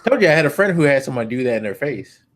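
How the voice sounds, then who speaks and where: A man's voice: medium pitch, sing-song, rapid-fire. A man hosting a podcast, chatting casually with teasing, laid-back banter. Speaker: podcast host. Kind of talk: casual chat.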